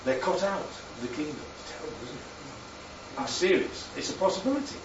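A man's voice: a little high, animated, fairly quick, background noise. A man from northern England preaching a sermon in a chatty, joking way, often asking the congregation questions. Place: church hall. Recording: echoey church room, distant mic, dull sound.

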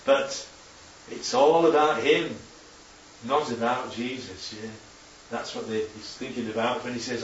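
A man's voice: medium pitch, steady tone, unhurried, slight background noise. A man preaching a chatty sermon with slides to his congregation, constantly checking in with tag questions. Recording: echoey hall, distant dull mic.

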